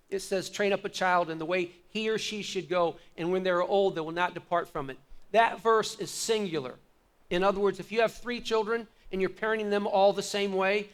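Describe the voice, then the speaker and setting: A man's voice: high-pitched, a bit bright. A middle-aged man preaching a sermon as pastor in a church, talking conversationally and rising to emphatic calls. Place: church sanctuary.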